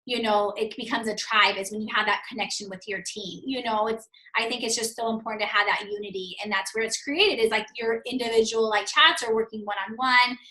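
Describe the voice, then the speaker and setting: A woman's voice: fairly high pitch, fairly even intonation, brisk, few pauses, sharp tone. A woman hosting a casual group call, asking eager questions with many fillers. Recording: echoey room.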